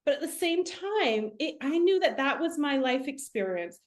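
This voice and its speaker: A woman, a medium and spiritual teacher, tells a story in a lively, casual way over a video call, with many "like" fillers. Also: high-pitched, moderate pace.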